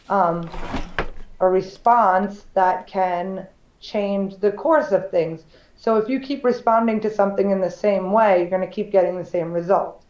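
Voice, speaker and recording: A woman's voice: mid-range voice, fairly even intonation, a little slow. A woman co-hosting a casual podcast chat, telling candid stories and acting out the people in them. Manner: candid storyteller, acts out quoted voices. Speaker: podcast co-host. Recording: roomy, dull lo-fi sound.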